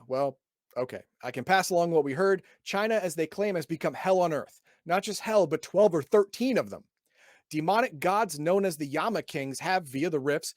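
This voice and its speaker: With a somewhat high, darkish voice, a podcast host reads aloud from a role-playing book before veering off into sarcastic, wry commentary, casually riffing on it. He keeps tripping over his words and repeating himself. The audio is close and dry, without echo.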